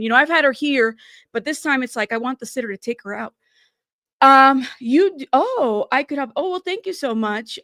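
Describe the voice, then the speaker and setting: A woman's voice: fairly high pitch, creaky, fairly bright tone, dry recording, clean studio sound. A woman hosting a casual live stream from home, chatty and apologetic, constantly thanking her viewers and calling them "y'all.".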